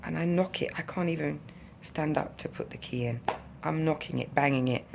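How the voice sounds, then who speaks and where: Low gravelly-voiced woman vlogging. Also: a little fast, background noise. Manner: chatty, animated, with asides to viewers. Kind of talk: casual storytelling to camera.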